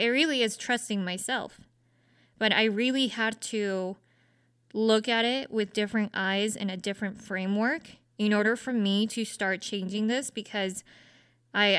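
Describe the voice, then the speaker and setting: A woman's voice: medium pitch, fairly bright tone, clear, resonant tone, no echo, clean studio sound. A young woman hosting a podcast, talking through her thoughts in an earnest, self-searching way with lots of casual fillers. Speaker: podcast host. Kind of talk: casual reflective monologue.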